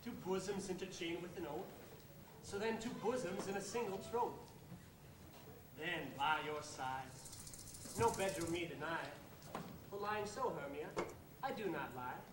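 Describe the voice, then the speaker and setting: A man's voice: high-pitched, animated, measured pace, long pauses, noisy background. A man playing a young, impetuous Athenian nobleman, earnestly declaiming verse on a stage. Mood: tender. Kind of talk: stage play performance. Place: theater stage. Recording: echoey stage from far off.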